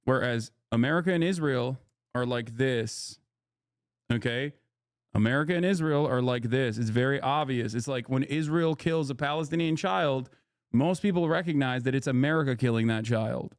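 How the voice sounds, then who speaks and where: A man's voice: medium pitch, normal speed, clear, resonant tone, no room sound, studio quality. A man giving casual livestream commentary on news clips, blunt and sarcastic, swearing freely and rambling through restarts. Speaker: streamer reacting to news clips.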